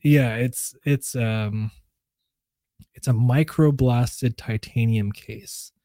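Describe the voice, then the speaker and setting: Mellow-voiced man in relaxed podcast chat. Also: mid-range voice, slow pace, no room sound. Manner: relaxed, enthusiastic about watches, trailing restarts. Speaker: podcast co-host. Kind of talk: casual chat.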